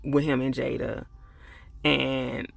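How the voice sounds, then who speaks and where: A man with a gravelly, fry-edged voice recaps a TV episode in a loose, chatty way, talking straight to his viewers. He acts out the characters' lines as he retells each scene. The sound is dry and close. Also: medium pitch, flat delivery, takes it slowly, dry recording. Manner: chatty, loose, full of fillers and asides to viewers; gets heated and louder when annoyed. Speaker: TV episode reviewer. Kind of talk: casual episode recap and review.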